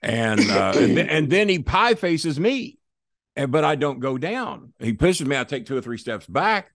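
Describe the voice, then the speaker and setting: A man's voice: medium pitch, normal speed, no room sound, clean studio sound. A man telling a long profane story in a casual interview, acting out the voices of the people in it. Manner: profane, animated, acts out quoted voices. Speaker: guest storyteller.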